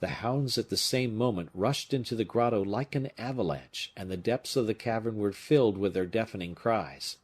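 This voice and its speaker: A man narrating an adventure novel as an audiobook in an expressive storytelling manner. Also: on the low side, moderate pace, hardly any pauses, breathy edge.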